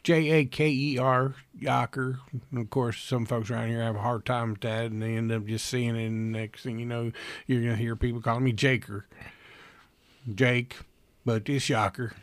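A man's voice: mid-range voice, level tone, normal speed, dry recording, natural voice. A man playing a folksy, rambling coffin maker with a Southern accent in a tabletop game.

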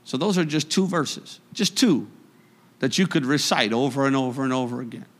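A man preaching a sermon as pastor in a church, moving between emphatic bursts and quiet reflection. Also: mid-range voice, lively intonation, normal speed, long reverb tail.

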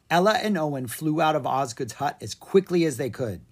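A narrator reading a children's storybook aloud in an expressive, playful way. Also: medium pitch, a little fast, hardly any pauses, breathy edge.

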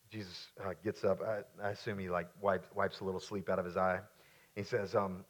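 A male pastor preaching a sermon. He is emphatic, repeats key lines, and drops into quieter, casual asides while telling a story. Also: fairly low pitch, level tone, fairly quick, lo-fi sound.

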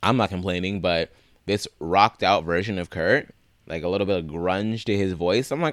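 Lower-voiced podcast co-host, man, enthusiastic. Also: lively intonation, brisk, fairly bright tone, dry recording. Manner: enthusiastic, swears freely. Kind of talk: casual podcast chat.

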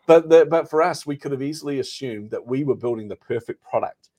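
Fast-talking man telling a story. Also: mid-range voice. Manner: animated storyteller, acts out quoted dialogue. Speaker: guest, startup founder. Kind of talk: casual interview storytelling.

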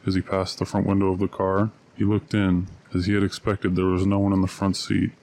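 A man reading a short story aloud in steady, measured narration. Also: low voice, gravelly.

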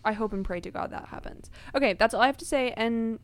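A young woman co-hosting a podcast, chatting casually with a friend. She's giggly and exclaims a lot, and her voice sits a little high. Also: fast. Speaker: podcast co-host. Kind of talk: casual chat.

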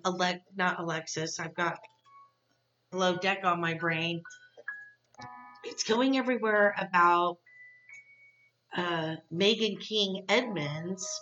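A woman's voice: lowish voice, takes it slowly, long pauses, pushed and bright, dull audio, soft background music. A woman hosting a casual recap podcast, candid and gossipy, rambling with frank asides. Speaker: podcast host.

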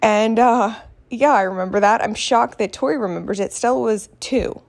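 This woman's voice is a little high and gravelly, with a moderate pace. She's a podcast host working from home, away from her usual room, chatting casually and poking fun at herself as she tells stories.

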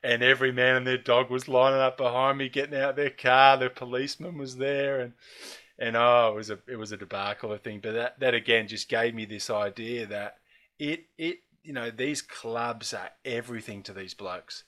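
A man's voice: mid-range voice, normal speed. Australian man telling a yarn. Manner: animated storyteller, laughs through his anecdotes. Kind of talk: casual storytelling chat.

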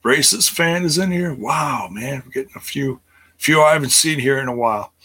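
Casual livestream host, middle-aged man, crisp bright voice, loose and rambling delivery. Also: mid-range voice, moderate pace. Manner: rambling, many fillers and restarts.

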